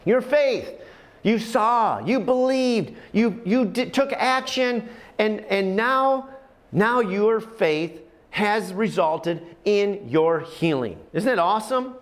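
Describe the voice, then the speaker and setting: Passionate preacher with a fairly high voice. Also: male voice, lively intonation, slow. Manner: passionate storytelling preacher, repeats phrases for emphasis. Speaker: pastor. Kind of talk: sermon.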